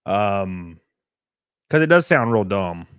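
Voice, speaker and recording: A man's voice: fairly low pitch, big pitch swings, slow pace, a bit bright, clean tone, no room sound, studio quality. A young man, chatting live on a stream and reading viewer comments in a blunt, profane, rambling way full of fillers. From American South.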